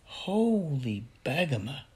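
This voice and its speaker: A man's voice: on the high side, sing-song, takes it slowly. A man voicing a wry young girl. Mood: hushed.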